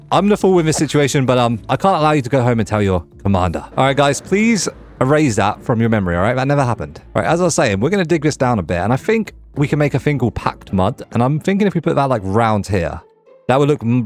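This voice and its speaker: A man's voice: medium pitch, darkish tone. A young man giving chatty gameplay commentary, playfully talking to the characters in his game. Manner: playful, talks to the game villagers. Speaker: Minecraft gaming creator.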